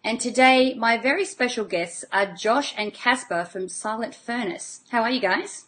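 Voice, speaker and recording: A woman's voice: fairly high pitch, normal speed, fairly bright tone. A woman hosting an interview, friendly and summing up her guests' ideas. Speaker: host.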